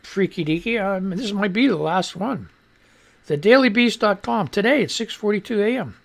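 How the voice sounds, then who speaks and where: A rambling, foul-mouthed male radio host gives casual news commentary, stumbling over his words. His gravelly voice sits high and sounds animated at a moderate pace.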